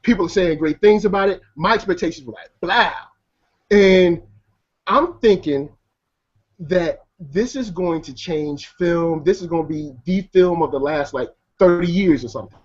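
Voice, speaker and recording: A man with a slightly high voice makes his case about a film in easygoing, slang-filled talk. His audio comes through muffled and lo-fi over a computer call. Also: normal speed, a little mellow. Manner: laid-back slangy talk, laughs easily. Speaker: film reviewer. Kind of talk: casual debate.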